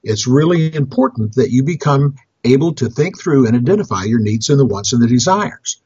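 A man's voice: mid-range voice, animated, brisk, a little mellow, breathy edge, no room sound, lo-fi sound. A man who works as a financial counselor tells true-life stories about budgeting in a loose, rambling way, restarting phrases and chuckling at his own anecdotes. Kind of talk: storytelling talk on budgeting.

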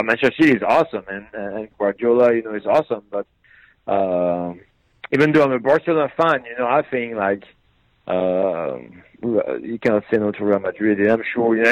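A man with a medium-pitched voice talks casually about football as a pundit, hesitating often, with plenty of fillers and restarts. The recording is dry and muffled.

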